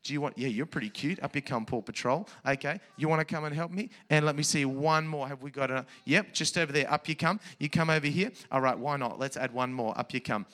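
A man's voice: fairly high pitch, fairly quick, few pauses, a bit bright. A man leading a children's church service, speaking with playful, enthusiastic energy from a church stage. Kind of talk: energetic church talk to kids.

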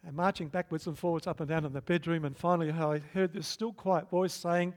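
A middle-aged man preaching a sermon as pastor, swinging from loud emphatic bursts to soft hushed stretches. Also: a little high, fairly even intonation, fairly quick.

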